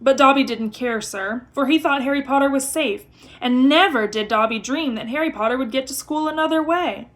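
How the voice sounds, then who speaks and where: A woman's voice: high voice, fairly quick, lightly acted. A woman reading aloud, voicing a miserable male house elf servant who speaks of himself by name. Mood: earnest.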